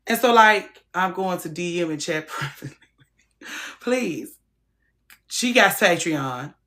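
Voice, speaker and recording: Woman, livestream host, casual chat, frank, soft to loud swings, lowish voice. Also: animated, unhurried.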